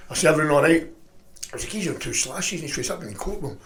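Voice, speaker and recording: A middle-aged man telling stories in a profane, rambling, animated way. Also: fairly high pitch, very fast, echoey room. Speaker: podcast guest. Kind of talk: casual storytelling chat.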